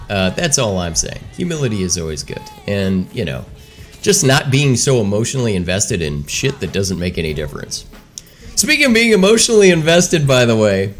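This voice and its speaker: Animated, swearing male streamer. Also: medium pitch. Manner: profane, exasperated, animated storytelling. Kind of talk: casual rant while gaming live.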